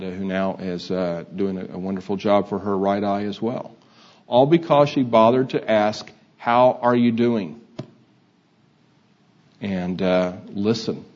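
Older male preacher, unhurried and halting, muffled lo-fi recording. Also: fairly low pitch, a little mellow. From Texas. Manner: halting, many uh fillers, conversational. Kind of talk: sermon. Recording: dull lo-fi sound.

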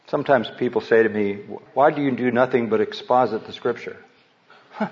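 A man preaching a sermon, rising to loud, slow declamation when he quotes scripture. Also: mid-range voice. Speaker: pastor. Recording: slightly muffled recording.

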